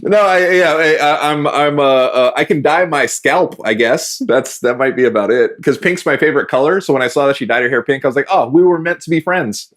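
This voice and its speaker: A man's voice: fairly high pitch, fairly quick, hardly any pauses, a bit bright. A man hosting a podcast in casual chat, laughing often and stammering on restarts. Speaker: podcast host.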